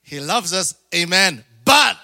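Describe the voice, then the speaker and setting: Very animated, this pastor preaches his sermon in a high, bright voice, urging the congregation to say amen. Along the way he laughs and drops into quick mock voices, all captured in a dry, close recording.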